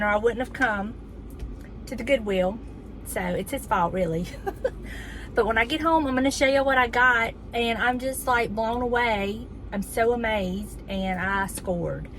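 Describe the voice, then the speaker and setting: A middle-aged woman with a Southern American accent, chatting casually to camera in an excitable, drawn-out way. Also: mid-range voice, slight background noise. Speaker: lifestyle vlogger.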